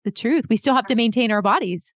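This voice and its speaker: A woman hosting a podcast interview who asks her questions haltingly and restarts them. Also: a little high, expressive, dry recording, clean studio sound. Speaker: podcast host.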